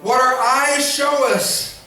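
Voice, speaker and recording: A high-pitched, bright-toned man preaches with animated energy, acting out the voices of the people in his story. He keeps calling on the congregation to answer him. He is miked from a distance in a very echoey church hall. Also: slow pace. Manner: animated preaching, acts out voices, calls for response. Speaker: pastor. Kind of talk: sermon. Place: church sanctuary.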